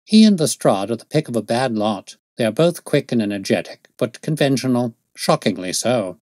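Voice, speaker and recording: A man voicing a self-assured detective who lectures in a crisp, raised voice as he reads a story aloud. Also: mid-range voice, lively intonation, moderate pace, a little mellow, dry recording, clean studio sound, close to an everyday voice. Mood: dismissive. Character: brisk, aloof male detective, self-assured.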